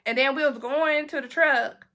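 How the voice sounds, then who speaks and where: Young woman, high and bright, animated storytime vlogger. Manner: animated, acts out friends' lines in quick quoted voices. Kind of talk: storytime vlog.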